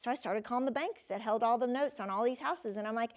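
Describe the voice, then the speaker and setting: Her voice on the high side and her pace quick, a keynote speaker in her fifties motivates the audience with personal stories. She's lively and conversational, speaking straight to them.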